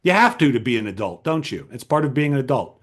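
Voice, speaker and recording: A man's voice: medium pitch, big pitch swings, fast. A man giving a talk to a writers' group as a writing coach, emphatic and full of rhetorical questions.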